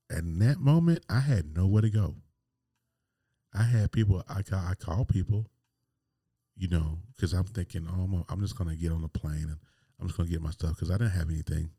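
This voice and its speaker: A deep-voiced man tells a personal story on his podcast. He rambles candidly and restarts his sentences often. His tone is dark and mellow, and the recording is dry and close. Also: husky, no room sound. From North Carolina. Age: 40s. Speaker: podcast host.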